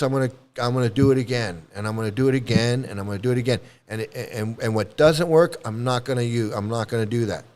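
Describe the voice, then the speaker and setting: Blunt rambling man talking casually. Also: mid-range voice. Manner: rambling, blunt, profane, many restarts and fillers. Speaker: ex-cult commentator. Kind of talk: casual monologue commentary.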